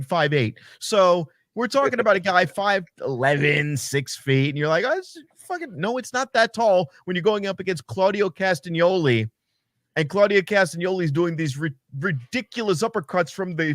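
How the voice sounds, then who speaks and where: A fairly high-voiced man riffs on wrestling in a loose, profane co-host chat. He talks animatedly and breaks into mocking voices, recorded close and dry with no room sound. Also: no room sound. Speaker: podcast co-host. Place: home setup, streaming remotely.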